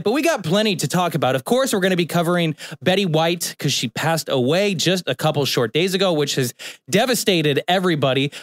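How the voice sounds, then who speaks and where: Young man, radio host, upbeat, rambling, slightly high voice, dry close sound. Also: a bit bright, no echo. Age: young adult. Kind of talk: live radio talk show, casual chat. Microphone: studio microphone.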